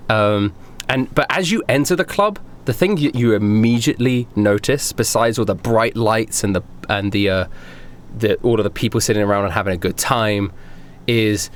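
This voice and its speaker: A man narrating a tabletop game as game master, rambling and restarting with lots of "like". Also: lowish voice.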